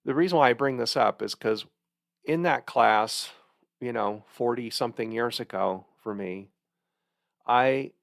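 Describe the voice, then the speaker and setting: A man's voice: fairly low pitch, vocal fry, no room sound, studio quality. A man in his sixties, a podcast host who tells a story in a rambling, hesitant monologue and chuckles now and then. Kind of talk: casual monologue.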